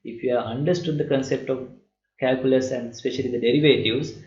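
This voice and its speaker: A man's voice: mid-range voice, fairly even intonation, a little mellow. Sri man lecturing, often asking "right?". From Sri Lanka. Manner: explains slowly, often asks "right?". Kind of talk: recorded math lecture. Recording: lo-fi echoey room.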